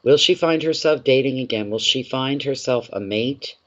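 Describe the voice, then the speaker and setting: A man's voice: mid-range voice, normal speed, a bit bright, highs cut off. A man reading tarot live for viewers, addressing each one by name and often repeating his phrases. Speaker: tarot reader.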